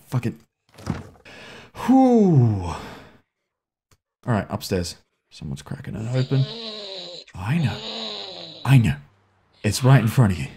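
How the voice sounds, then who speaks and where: A man hosting a gaming video talks nervously through a horror game, swearing a lot, coaxing and scolding the on-screen characters, his voice leaping up when he gets startled. His lowish voice is mellow and sing-song, a little slow, with long pauses. A faint hiss or hum sits in the audio.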